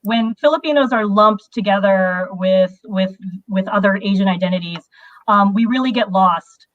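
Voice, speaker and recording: A woman's voice: mid-range voice, moderate pace, dry recording, narrow, tinny audio. A Filipino American woman in a casual livestream discussion, speaking earnestly and with emphasis. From United States. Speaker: panelist.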